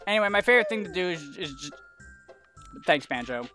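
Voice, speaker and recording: A man's voice: high voice, expressive, brisk, pushed and bright, faint music behind. A young man giving rambling gameplay commentary, easily exasperated and ranting at the game. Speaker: let's play commentator.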